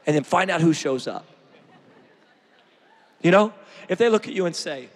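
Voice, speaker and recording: A man preaching a sermon, fervent and emphatic, building to shouts. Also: on the high side, animated, normal speed, long pauses, in a large hall.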